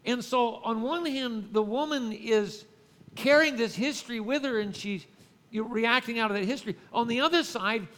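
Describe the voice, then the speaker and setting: Male pastor, high voice, conversational sermon with call-outs to the congregation, church hall with long reverb. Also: normal speed, a bit bright.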